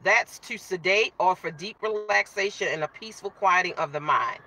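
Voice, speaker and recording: A woman's voice: fairly low pitch, moderate pace, sharp tone, slight background noise. A woman hosting a casual live stream, chatting with viewers, greeting them by name and talking while she eats.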